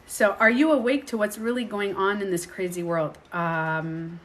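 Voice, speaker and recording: A woman's voice: medium pitch, steady tone, moderate pace, fairly bright tone. A woman coach talking straight to the viewer in a chatty, rambling way, now and then acting out other people's voices. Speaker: self-projection coach. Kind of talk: casual direct-to-camera monologue.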